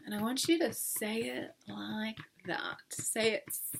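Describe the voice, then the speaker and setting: A woman's voice: fairly high pitch, fairly even intonation, a little slow, gravelly, slight background noise. A young woman leading a guided tapping session in a playful, coaxing way, laughing often and exaggerating her words. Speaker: EFT tapping coach.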